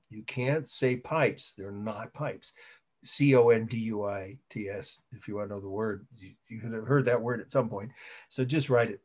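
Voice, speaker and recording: A man's voice: fairly low pitch, moderate pace, a little mellow. A middle-aged man giving a college art history lecture, rambling and correcting himself, spelling out terms letter by letter. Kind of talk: recorded online lecture.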